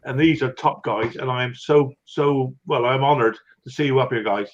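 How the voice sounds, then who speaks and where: A man's voice: mid-range voice, moderate pace, lo-fi sound. A man hosting a casual livestream, chatting in a rambling, chummy way and tripping over viewers' names. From Britain. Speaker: livestream host. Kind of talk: casual live-stream chat.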